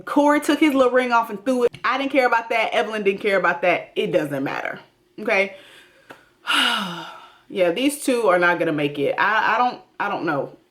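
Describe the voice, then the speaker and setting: A woman's voice: medium pitch, normal speed, a bit bright. A woman hosting a TV recap, talking in a blunt, emphatic way straight to her viewers. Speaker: TV recap host. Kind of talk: casual commentary.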